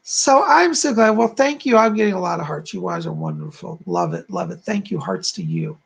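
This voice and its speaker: A man's voice: sits high, big pitch swings, moderate pace, vocal fry, breathy edge. A man hosting a live-stream psychic chat, effusive and chatty, often thanking his viewers. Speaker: psychic and channel host.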